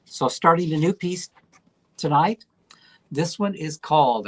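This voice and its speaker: A man's voice: fairly high pitch, measured pace. A man co-hosting a live stream, talking easily and walking through his painting step by step. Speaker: artist and show host. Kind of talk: casual live stream chat.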